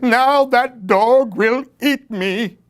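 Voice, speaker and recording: A mischievous storybook skeleton that clacks its bones and is secretly timid, as a man puts it on. It talks loudly and slowly, in a raised voice that swings up and down. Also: sits high, sing-song, pitched above the performer's own voice, full character voice. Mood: scared. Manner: loud, eager exclamations.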